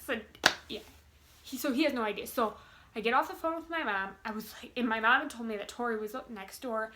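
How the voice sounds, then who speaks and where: Young woman, twenties, bubbly casual vlogger, bright tone, giddy and rambling. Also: on the high side, fairly quick. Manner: bubbly, gushing, many fillers. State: giddy with excitement. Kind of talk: casual chat to camera.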